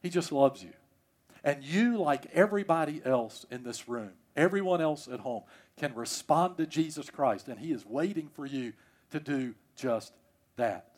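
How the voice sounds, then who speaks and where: A male pastor preaching a sermon in church. He swings between loud, emphatic passages and hushed ones. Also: on the high side, animated, moderate pace. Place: church, service also streamed.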